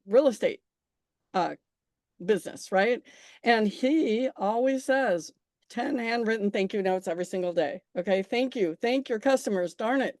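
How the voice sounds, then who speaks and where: A woman's voice: on the high side, darkish tone, dry recording, clean studio sound. A woman presenting a small business marketing workshop, telling stories in a chatty, emphatic way, often restarting her sentences. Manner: chatty storyteller, frequent restarts and self-corrections; emphatic, coaxing. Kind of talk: informal workshop talk.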